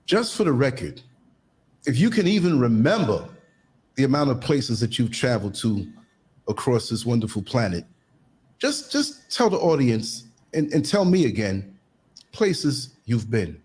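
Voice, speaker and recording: Husky-voiced male podcast host. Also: mid-range voice, big pitch swings, a little slow, darkish tone. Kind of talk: interview conversation.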